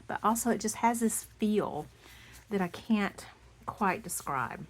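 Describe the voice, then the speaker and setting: A woman, hoarse from losing her voice, chatting casually as she shows off handmade craft pieces, gushing and often dropping into soft half-whispers. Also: medium pitch, lively intonation, a little slow. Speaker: craft vlogger. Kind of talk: casual show-and-tell chat.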